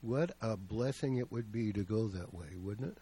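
A man's voice: fairly low pitch, normal speed, mellow, husky. A male pastor preaching a sermon, telling stories in a plain, conversational way.

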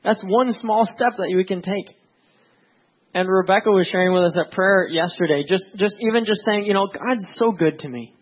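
Husky high-voiced man preaching. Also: moderate pace, dull audio. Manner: earnest, conversational preaching with many "you know"s. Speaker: pastor. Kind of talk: sermon.

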